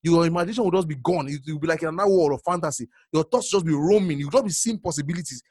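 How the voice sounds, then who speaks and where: A male preacher giving a sermon, repeating phrases and swinging from hushed murmurs to sudden loud exclamations. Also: a little high, very fast, breathy edge, no echo, studio quality.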